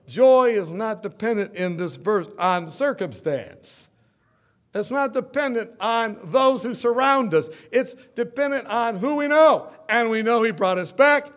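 A man preaching a sermon as pastor, swinging from loud emphatic bursts to soft storytelling. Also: very high-pitched, animated, a little slow.

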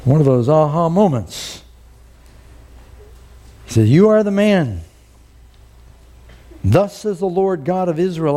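A middle-aged man preaching a sermon, telling the story with animated, acted-out quotes. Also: a little high. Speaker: pastor.

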